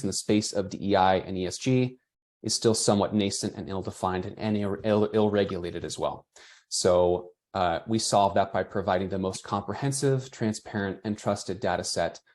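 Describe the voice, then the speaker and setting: A man's voice: on the low side, darkish tone. A man hosting and moderating an online webinar, chatting casually and reading out attendee comments as he goes.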